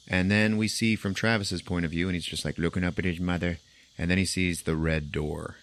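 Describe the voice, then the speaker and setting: In a low, fairly bright voice with fairly even intonation, a man hosting a podcast briskly walks through a movie's plot. The recap is casual, and he acts out characters' lines while laughing often.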